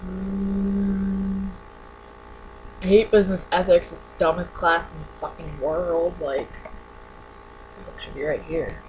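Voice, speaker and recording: A woman's voice: fairly low pitch, flat delivery, slow, long pauses, noisy background. A young adult woman in a casual webcam vlog, rambling and sarcastic, saying "like" a lot. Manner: rambling, sarcastic, heavy use of "like". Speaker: vlogger. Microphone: webcam mic.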